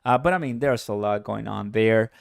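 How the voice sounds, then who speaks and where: A man's voice: fairly low pitch, normal speed, vocal fry, smooth, no echo, studio quality. Hyped man hosting a crypto livestream. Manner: energetic, hyped, lots of fillers. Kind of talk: casual livestream commentary.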